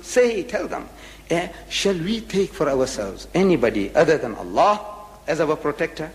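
A man's voice: medium pitch, sing-song, normal speed, long reverb tail. A man giving a public religious lecture, emphatic, firing rhetorical questions and repeating his points.

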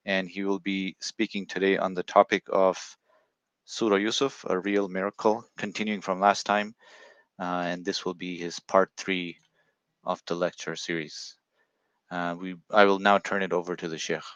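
Deep flat-voiced male announcer. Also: moderate pace, clear, resonant tone, dry recording. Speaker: announcer introducing a speaker. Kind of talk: formal introduction.

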